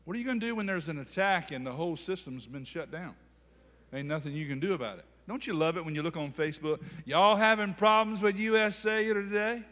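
Male pastor, high bright voice, church hall reverb. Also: animated, fast talker. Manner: preaching with call-and-response. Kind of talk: sermon.

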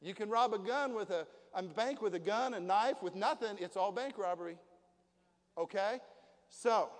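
A man's voice: sits high, animated, moderate pace. A middle-aged pastor preaching to his congregation in a folksy way, asking them questions as he goes. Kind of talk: sermon. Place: church hall. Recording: long hall reverb.

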